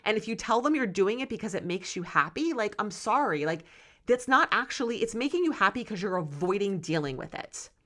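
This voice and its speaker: A woman's voice: medium pitch, very animated, a little fast, fairly bright tone. A woman in her forties hosting a solo podcast, talking candidly and passionately and swearing freely. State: close to tears. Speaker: podcast host.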